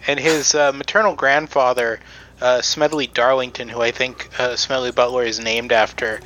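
A man's voice: mid-range voice, fairly even intonation, moderate pace, a bit bright, dull audio. A man on a podcast presenting research in casual chat, with many ums and restarts.

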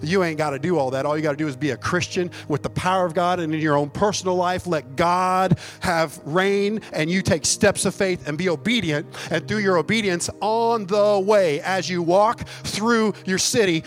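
Male pastor, folksy sermon, emphatic, joking, soft music underneath. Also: high-pitched, moderate pace, few pauses. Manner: folksy, emphatic, jokes and laughs mid-preaching.

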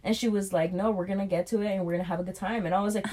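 A woman's voice: medium pitch, rapid-fire. A woman co-hosting a podcast, casually telling a story about a bad date, swearing freely and acting out both sides of the conversation. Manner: profane, animated retelling with quoted dialogue. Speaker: podcast co-host.

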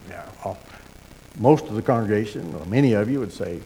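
A middle-aged man preaching a sermon as pastor, folksy and animated with asides and repeated starts. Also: lowish voice, normal speed, husky. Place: church sanctuary. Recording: sermon in a hall with long reverb.

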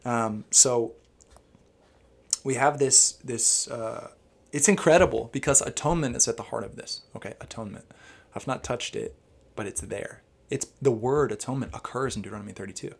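Man, gravelly low-key timbre, Bible teacher on a casual podcast, wanders and circles back. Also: moderate pace. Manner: rambling, animated explainer who quotes Hebrew.

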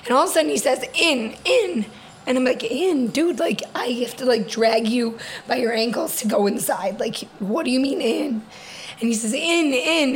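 A woman's voice: on the high side, a little hiss or hum. Chatty woman co-host telling stories. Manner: chatty storyteller, laughs often. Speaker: podcast co-host. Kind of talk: casual chat.

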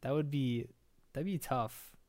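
A young man with an ordinary mid-pitched voice co-hosts a relaxed podcast chat at a measured pace. He rambles and hesitates, often restarting phrases as he improvises.

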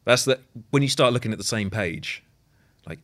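A man's voice: mid-range voice, expressive, normal speed, a bit bright. A man co-hosting a podcast in casual chat, dry and wry with some swearing. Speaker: podcast co-host.

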